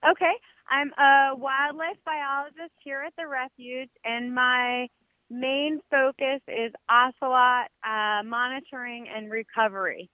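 A woman from Connecticut working as a wildlife biologist, answering interview questions in an earnest, measured way. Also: sits high, steady tone, no room sound, dull audio. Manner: earnest, measured, some restarts.

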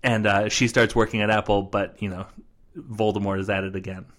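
A man's voice: lowish voice, flat delivery, a little fast, a bit bright. A young man co-hosting a podcast, chatting casually in a jokey, rambling way with many fillers. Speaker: podcast co-host. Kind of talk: casual chat.

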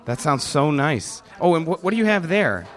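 A man's voice: on the high side, very animated, moderate pace, a bit bright. A man from Wisconsin chatting playfully with kids into a handheld microphone, goofy and stumbling over his words. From Milwaukee, Wisconsin. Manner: playful, goofy, stammering restarts. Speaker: visitor chatting with children at an event. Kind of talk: casual chat.

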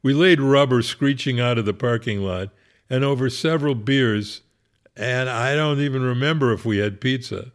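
A man's voice: mid-range voice, normal speed. A man who is a rabbi, wryly telling a humorous personal story in a conversational way. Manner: wry, conversational, laughs at his own story.

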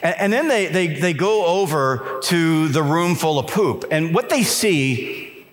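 A man giving an energetic motivational speech to a live audience in a conference hall, telling stories and urging listeners to work hard. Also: a little high, a little slow. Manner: energetic storytelling with repeated restarts and emphatic exhortations. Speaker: motivational keynote speaker.

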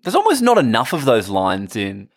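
A man co-hosting a casual movie podcast, blunt, enthusiastic and quick to swear. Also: medium pitch, huge pitch swings, no room sound, clean studio sound. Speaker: podcast co-host.

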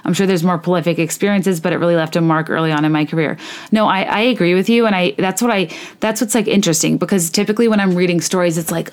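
A woman's voice: lowish voice, brisk. A woman hosting a casual podcast, reading listener stories aloud and reacting candidly and indignantly, with many "like" fillers.

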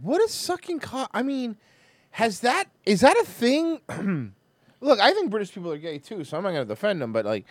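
A man's voice: sits high, big pitch swings, normal speed, no room sound. A man co-hosting a show, chatting casually and joking while reacting to clips. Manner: joking, does a mock British accent. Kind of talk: casual chat.

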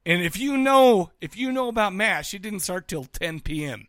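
Animated, high-voiced man recapping a movie. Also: normal speed, no room sound, clean studio sound. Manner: animated, jokey, acts out characters in quotes. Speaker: podcast co-host. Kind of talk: casual movie recap chat.

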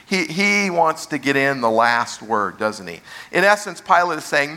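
A man preaching a sermon as pastor, asking rhetorical questions and slowing down to stress key phrases. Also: mid-range voice, big pitch swings, pushed and bright.

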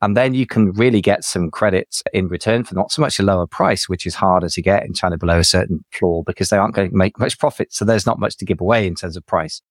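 Fast-talking deep-voiced man. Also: no room sound, studio quality. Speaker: podcast co-host, business adviser. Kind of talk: casual podcast conversation.

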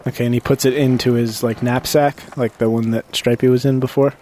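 A man's voice: mid-range voice, flat delivery, fairly quick, dark tone, slight background noise. A man playing a tabletop role-playing game, chatting casually and laughing often as he plans his moves. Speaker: player.

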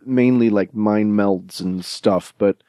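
Male player, mellow voice, chatty and joking, dry sound. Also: lowish voice, takes it slowly, no room sound. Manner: joking, chiming in. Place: game store in Burbank.

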